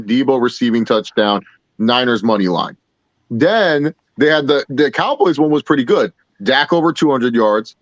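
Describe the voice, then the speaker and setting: A man's voice: mid-range voice, no echo, dull audio. A man co-hosting a casual sports watch-along, telling a story with lots of laughs and swearing. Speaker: podcast co-host.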